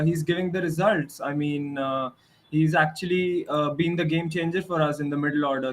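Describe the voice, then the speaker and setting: A man, a fan guest talking calmly and measured. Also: on the high side, poor audio. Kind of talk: casual chat.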